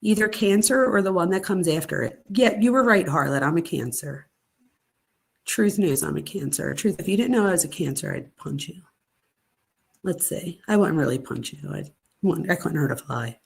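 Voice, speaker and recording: A woman's voice: lowish voice, moderate pace, creaky, breathy edge. Chatty woman hosting a live stream. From Pennsylvania, United States. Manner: chatty, animated storytelling, answers the chat. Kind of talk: casual live chat reading viewer comments.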